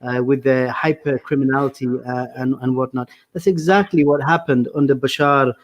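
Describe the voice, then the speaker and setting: A man's voice: mid-range voice, fairly even intonation, normal speed, highs cut off. Man answering on a podcast. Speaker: guest speaker. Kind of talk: podcast discussion.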